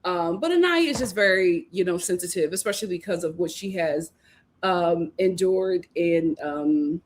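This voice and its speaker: A woman hosting a casual reality TV recap, animated and laughing as she acts out what the cast said. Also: on the low side, moderate pace. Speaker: host.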